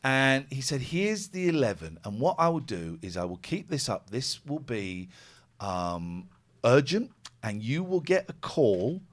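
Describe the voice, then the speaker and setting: A man's voice: mid-range voice, big pitch swings, unhurried. A middle-aged man hosting a phone-in show, telling a long story in a chatty way and acting out both sides of each exchange. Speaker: radio phone-in host. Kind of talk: casual chat.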